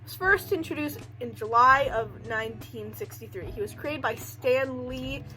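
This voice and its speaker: Woman, high voice, bright tone, casual film recap, rambling, filler-heavy, joking asides. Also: normal speed, soft background music, low-quality recording. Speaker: video creator recapping a film.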